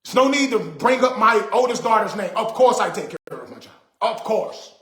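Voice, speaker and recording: Man, very high voice, casual livestream host, indignant and repetitive, roomy echo on a phone mic. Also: animated, normal speed, a bit bright.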